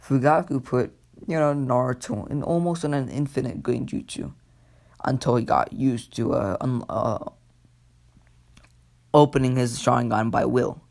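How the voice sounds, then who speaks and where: A man casually retelling an anime what-if story, rambling and halting with many fillers. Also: medium pitch, steady tone, creaky, darkish tone. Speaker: YouTube storyteller.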